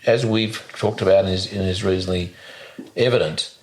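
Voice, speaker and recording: A man hosting a podcast interview in a casual chat, talking haltingly with many fillers and restarts. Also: low voice, steady tone. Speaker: podcast host.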